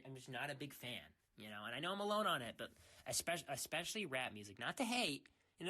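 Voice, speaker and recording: A man's voice: medium pitch, pushed and bright. A young man who streams, ranting casually in a rambling way. He restarts his sentences often and keeps saying "freaking". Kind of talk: casual rant.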